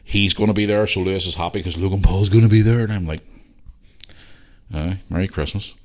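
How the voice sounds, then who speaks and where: A man's voice: deep voice, fairly even intonation, racing, a little mellow. A man with a Northern Irish accent hosting a casual solo podcast, rambling and chatty, repeating himself and swearing freely. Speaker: podcast host.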